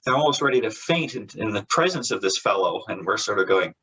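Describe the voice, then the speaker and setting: This time the comic book artist talks fast, with a fairly low pitch, lively intonation and a sharp tone, over a little hiss or hum on a low-quality recording. Interviewed casually, he spins meandering anecdotes, restarting often, laughing, and briefly voicing the characters.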